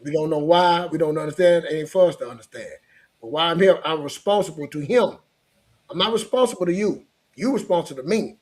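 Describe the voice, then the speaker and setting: A man's voice: fairly high pitch, fast talker, darkish tone. A middle-aged man talking in a casual chat, earnest and rambling, often repeating himself.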